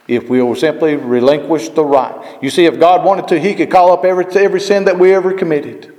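A man's voice: on the high side, brisk, warm tone, reverberant, big-room sound. A man preaching a sermon, emphatic, firing rhetorical questions and repeating his phrases.

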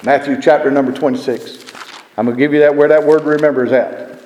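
A man's voice: a little high, fairly even intonation, fast talker, a little mellow, echoey room, long reverb tail, slight background noise. A man preaching a sermon, emphatic, firing rhetorical questions and repeating his phrases.

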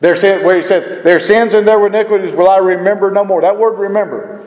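A man's voice: sits high, steady tone, fairly quick, darkish tone, echoey room, big-room sound. A man preaching a sermon, emphatic, firing rhetorical questions and repeating his phrases.

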